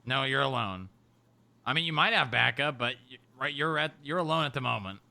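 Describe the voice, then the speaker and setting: A man's voice: mid-range voice, animated, brisk, creaky, bright, forceful tone. A man running a roleplay scene, narrating what happens and asking questions in a teasing, matter-of-fact way.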